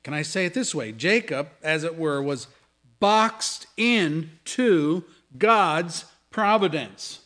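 A man preaching a sermon, swinging between loud dramatic scripture reading and hushed asides. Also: fairly high pitch, lively intonation, takes it slowly. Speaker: pastor. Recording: audio of a sermon.

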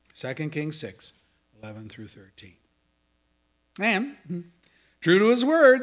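Preaching man with a higher voice. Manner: swings from loud to hushed, reads scripture dramatically. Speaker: pastor. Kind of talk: sermon. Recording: audio of a sermon.

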